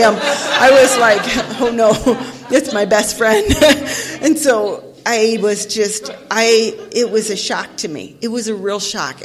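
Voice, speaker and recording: A middle-aged woman from Ohio telling her own story as a recovery meeting speaker, animated and self-mocking, often laughing. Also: on the high side. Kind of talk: personal testimony, storytelling.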